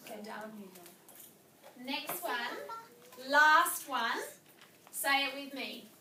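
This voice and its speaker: A woman teacher with a high voice takes a class through a reading lesson, her pace slow and deliberate. She stretches words out to clap their syllables. She was recorded from across an echoey classroom, and noise runs underneath. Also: expressive, pushed and bright, distant mic. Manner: slow, clear, drawn-out words clapped in syllables.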